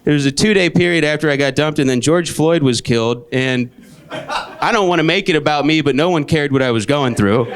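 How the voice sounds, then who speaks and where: Onstage at a comedy club, a fairly quick, smooth-voiced comic in his late twenties delivers deadpan stories punctuated by abrupt high-pitched, exasperated outbursts. The audience laughs in the background.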